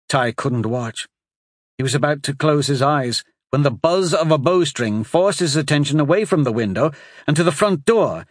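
Male audiobook narrator, mid-pitched, steady dramatic read, dry close sound. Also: no echo. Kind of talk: scripted narration.

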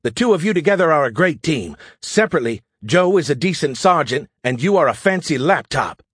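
A man's voice: on the high side, very animated, fairly quick, husky, dry recording, clean studio sound, pitched above the performer's own voice, full character voice. A man voicing a tough, blunt female Marine sergeant who scolds and swears, in an audiobook. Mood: furious. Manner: forceful, scolding, profane.

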